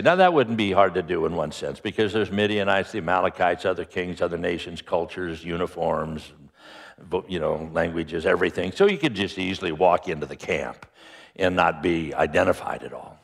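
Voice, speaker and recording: A male preacher retelling a Bible story in an animated, playful storytelling sermon. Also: low-pitched, moderate pace, vocal fry.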